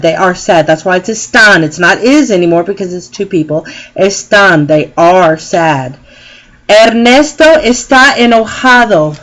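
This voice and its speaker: A woman Spanish teacher, explaining a lesson slowly and patiently and repeating each phrase. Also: medium pitch, rough recording. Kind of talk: recorded classroom lesson.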